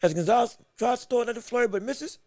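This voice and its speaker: A man calling a fight blow by blow on his own livestream, excited and repetitive, restarting his phrases, with the hiccups and eating as he talks. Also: extremely high pitch, fast, no room sound, studio quality. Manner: repeats himself, restarts phrases, eats and talks at once. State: has the hiccups. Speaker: podcast host giving live fight commentary.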